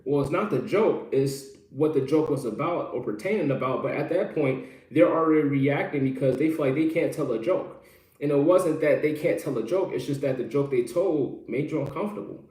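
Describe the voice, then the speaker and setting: A man's voice: on the high side, brisk, a little mellow, roomy sound. A man giving relationship advice as a coach in an earnest, explanatory live-stream talk, often repeating his phrases.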